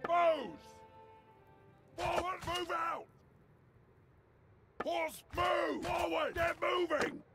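A man voicing a soldier commander in a game, barking clipped battle orders at full shout. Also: very high voice, little pitch movement, very slow, pauses often, exaggerated voice. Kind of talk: game voice lines. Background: battle crowd noise and music.

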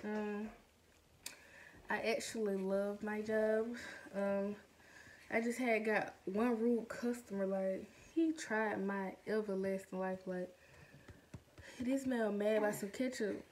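A young woman telling a storytime vlog in a chatty, animated way, full of slangy asides. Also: mid-range voice, takes it slowly, long pauses, a little hiss or hum. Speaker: vlogger.

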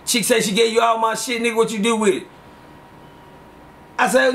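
A middle-aged man spins street tales in an interview. His voice sits high and bright, and he acts out every quote with lively energy. He breaks into laughter often as he talks. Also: moderate pace, pauses often. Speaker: interview guest. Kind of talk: casual street storytelling.

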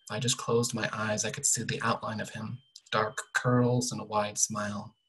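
A young adult author quietly reading an excerpt from their own novel, measured and soft, often trailing off at the ends of sentences. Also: medium pitch, flat delivery, husky, rough recording.

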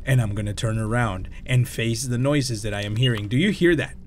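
A young man doing let's-play commentary of a horror game, loud and jumpy, swearing and breaking into Spanish exclamations. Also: mid-range voice, brisk, a little hiss or hum. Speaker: gaming YouTuber.

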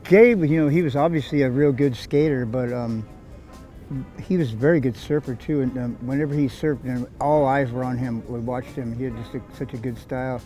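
Relaxed man with a mellow voice. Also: mid-range voice, a little fast, faint music behind, rough recording. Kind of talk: documentary interview.

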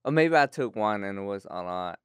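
A young man, telling a story on a podcast in a halting, laid-back way full of fillers. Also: lowish voice, expressive, fairly bright tone, clear, resonant tone, no echo, studio quality. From Texas. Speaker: comedian and rapper, podcast guest.

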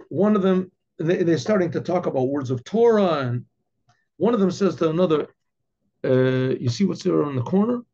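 A man who is a rabbi, telling a story in an animated way and often repeating words. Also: sits high. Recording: dull lo-fi recording.

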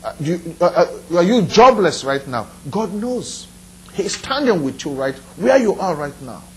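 High-pitched guy preaching, earnest, keeps repeating himself and asking the listener stuff. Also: big pitch swings, normal speed, fairly bright tone, a little hiss or hum, poor audio. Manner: earnest, repetitive preaching with direct questions to listeners. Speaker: pastor. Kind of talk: sermon.

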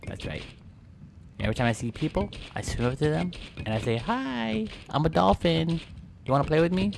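A man's voice: mid-range voice, gravelly, noisy background. A man voicing a sly male great white shark who poses as a friendly dolphin, with a mock-friendly, boastful manner.

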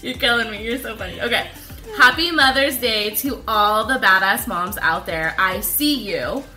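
A woman co-hosting a podcast, chatting and reading listener messages, sentimental and quick to laugh. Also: mid-range voice, bright, forceful tone, faint music behind. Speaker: podcast co-host.

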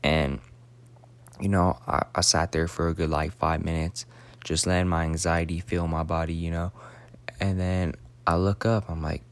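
A man's voice: deep voice, level tone, normal speed. A young man in his late teens telling a rambling, profane story in a casual, slangy way, sometimes dropping to a whisper.

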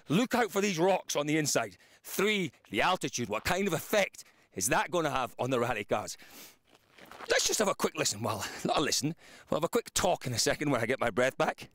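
A man reporting from a dusty mountain rally stage, out of breath as he talks to camera. His voice sits a little high, and his delivery is lively and chatty as he points things out. The sound is dry and close, with little room around it. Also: no room sound. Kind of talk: on-location piece to camera.

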